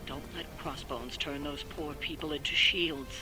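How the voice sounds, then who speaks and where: A man voicing a mission briefer in a video game, brisk and commanding. His voice sits a little high for a man, and game music plays under him. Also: steady tone, lightly acted. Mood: urgent.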